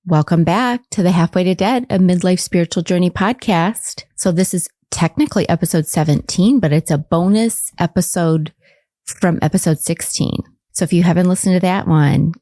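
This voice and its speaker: A woman's voice: fairly low pitch, mellow, no room sound, studio quality. A middle-aged woman hosting a podcast, chatty and playful as she quizzes her guest. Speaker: podcast host. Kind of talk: casual chat.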